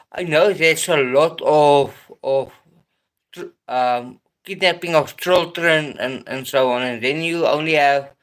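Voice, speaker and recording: Man, live-stream chat, very slow delivery, hesitant, many fillers. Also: medium pitch. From South Africa. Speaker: livestream host answering chat.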